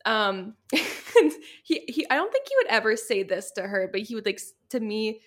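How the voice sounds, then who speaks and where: A woman's voice: medium pitch, big pitch swings, fairly quick, fairly bright tone. A woman from the United States chatting on a podcast with a middle-range voice. She tells meandering stories with lots of "like" and breaks into laughter easily. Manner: rambling storyteller, laughs often. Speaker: podcast co-host. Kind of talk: casual chat.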